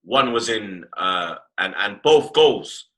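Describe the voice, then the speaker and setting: A man's voice: lowish voice, slow. A man hosting a casual football chat, full of slang and repeated tag phrases. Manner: animated slangy talk, repeats "blood" and "you get me". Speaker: host.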